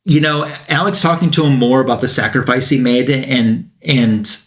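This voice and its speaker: A man at an ordinary pitch recaps a comic for a review show, talking loosely with plenty of fillers and restarts. When he quotes the characters, he speeds up and reads their lines without putting on voices. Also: normal speed. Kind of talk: casual comic recap, reading dialogue aloud.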